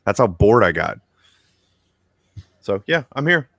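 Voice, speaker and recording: A man's voice: on the low side, big pitch swings, takes it slowly, fairly bright tone, dry recording. A man from Virginia hosting a casual chat with friends, laid-back and swearing freely. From USA (Virginia). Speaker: show host.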